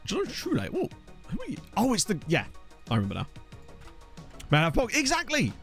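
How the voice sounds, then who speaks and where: Young male game streamer, upbeat and bouncy delivery, self-deprecating storyteller over soft background music. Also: high-pitched, wildly swooping pitch, brisk, vocal fry. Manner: rambling, self-mocking storyteller with frequent laughs. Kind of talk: casual gameplay chat with chat readers. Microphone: desktop USB mic.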